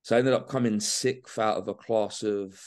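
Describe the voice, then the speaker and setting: A man's voice: on the low side, fairly even intonation, normal speed, darkish tone. A young man talking casually and swearing freely in a podcast chat, dropping mate and man into his sentences. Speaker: bodybuilding guest.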